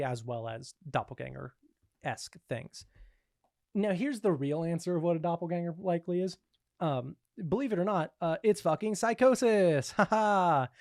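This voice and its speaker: A man presents the topic on a casual podcast, and his pitch leaps up and down as he talks. He laughs often and swears freely. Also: a little mellow, no room sound, studio quality.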